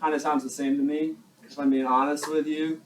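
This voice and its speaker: A young male high school teacher giving a chatty classroom lecture, asking the class questions and joking at his own expense. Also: little pitch movement, fairly quick. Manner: chatty, self-deprecating, asks the class questions. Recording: distant mic with faint classroom noise.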